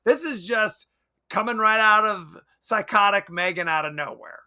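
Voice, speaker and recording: A man's voice: high voice, normal speed, sharp tone, clean tone. A man co-hosting a podcast, chatting casually and animatedly about a movie, often laughing and acting out lines. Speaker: podcast co-host.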